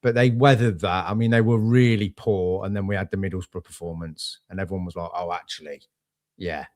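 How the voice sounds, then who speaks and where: Excitable matey man on a football podcast. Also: low voice, fairly quick, dry recording, clean studio sound. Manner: excitable, matey, says "mate" a lot. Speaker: podcast co-host. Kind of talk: casual football podcast chat.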